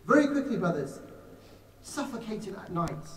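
A man's voice: high voice, animated, moderate pace, darkish tone, a little hiss or hum. A man giving a religious lecture to a congregation, calling them brothers and acting out little everyday scenes. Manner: addresses listeners as brothers, acts out little scenes. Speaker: preacher. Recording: echoey hall recorded from far off.

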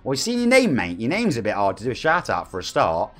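A man's voice: mid-range voice, huge pitch swings, fast, few pauses, faint music behind. A man in his forties with an East Midlands English accent, chatting upbeat with viewers and reading out their names during a live game stream. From England. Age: 40s.

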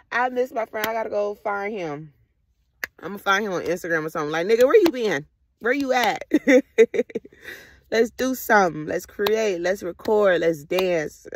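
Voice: mid-range voice, lively intonation, a little slow, background noise. A vlogger talking through a casual, rambling reflective monologue full of slang, swearing and frequent laughter.

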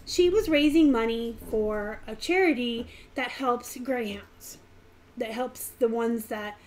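A woman hosting a casual live stream, talking in a chatty, animated way with bursts of fast talk. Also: a little high. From Pittsburgh area, US. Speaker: live stream host, reseller.

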